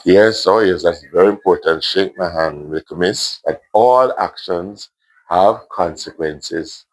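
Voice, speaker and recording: Reading aloud to young primary pupils, a Jamaican man tenderly presents an emotional story he wrote himself and slips in side comments. He speaks low and a touch slowly.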